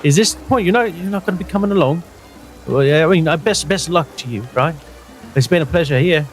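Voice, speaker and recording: A man voicing a brash, coarse woman who swears and snaps, pitched well above his own voice. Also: fast talker, faint music behind, lightly acted. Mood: grateful. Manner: blunt, cursing, impatient.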